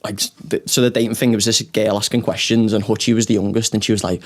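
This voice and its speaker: A man's voice: medium pitch, a little fast. Young man telling a rowdy comedy story. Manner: swears often, laughs through his stories. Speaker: comedian podcast co-host. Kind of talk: casual storytelling chat.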